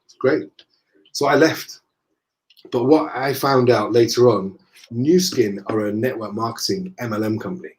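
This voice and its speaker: Man, northern English accent, mid-pitched voice, casual storyteller, acts out the dialogue. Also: normal speed. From northern England. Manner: lively anecdotes, acting out the dialogue. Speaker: guest.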